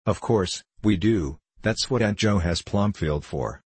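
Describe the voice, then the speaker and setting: Man doing earnest bookish boy, matter-of-fact, deep husky voice, slow. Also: animated, darkish tone, no room sound.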